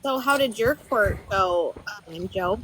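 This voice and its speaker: A woman's voice: mid-range voice, animated, slow pace, fairly bright tone, poor audio. A woman in a casual group chat asking eager, curious questions.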